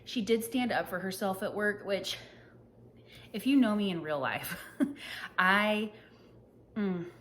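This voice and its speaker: A woman in her thirties chatting casually about books she read, self-deprecating and quick to laugh at herself. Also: mid-range voice, fairly bright tone, a little hiss or hum. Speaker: book reviewer. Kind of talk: casual book wrap-up chat.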